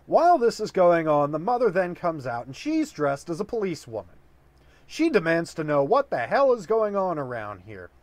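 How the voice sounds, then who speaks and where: A man's voice: a little high, big pitch swings, normal speed, a little mellow, no room sound. A drunk man improvising a long dirty joke, rambling with many fillers. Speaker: comedic storyteller.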